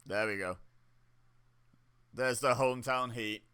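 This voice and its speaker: A young man with a bright, forward voice talks casually as he watches along, thinking out loud. He reacts openly, breaking into laughs and sudden exclamations between remarks. His pitch sits in an ordinary middle range. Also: measured pace, pauses often, clear, resonant tone. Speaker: wrestling watch-along host.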